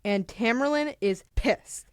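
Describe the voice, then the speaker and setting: A young woman on a podcast, retelling a true crime story in a casual, animated way, full of "like" and acted-out quotes. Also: fairly high pitch, slow pace, smooth. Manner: animated, acts out quotes, filler "like".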